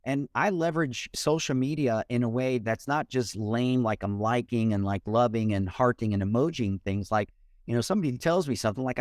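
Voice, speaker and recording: Man, energetic storyteller, casual interview, dry close sound, middle pitch. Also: brisk, no room sound. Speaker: mortgage loan officer, podcast guest. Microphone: remote call.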